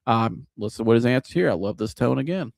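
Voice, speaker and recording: A man hosting a live sports reaction show, talking in an animated, casual, joking way with some swearing. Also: medium pitch, quick pace, vocal fry, dry recording, studio quality. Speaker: sports podcast host.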